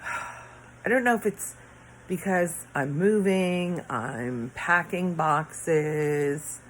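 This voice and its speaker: A woman's voice: low voice, slight background noise, rough recording. A tired middle-aged woman rambling late at night in her bedroom, yawning and sighing as she trails off mid-thought. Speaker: vlogger. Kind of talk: casual late-night chat to camera.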